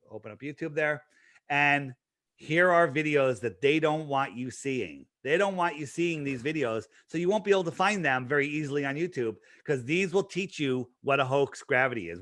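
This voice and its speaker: Energetic man with a higher voice. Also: no echo, studio quality. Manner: energetic, emphatic, with frequent restarts and fillers. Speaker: interview guest. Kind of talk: casual promotional talk.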